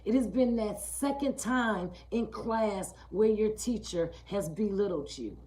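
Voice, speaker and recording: A woman hosting a live stream, speaking emphatically and repeating her points, often checking in with "okay?" and dropping low and quiet on key lines. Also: unhurried, poor audio. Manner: emphatic, repetitive, keeps asking "okay?". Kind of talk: live-streamed motivational talk.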